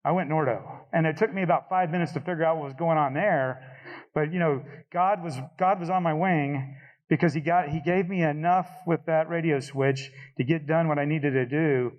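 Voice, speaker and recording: A man's voice: on the high side, normal speed, highs cut off. A middle-aged man, a retired pilot on a panel, tells a war story and acts out radio calls.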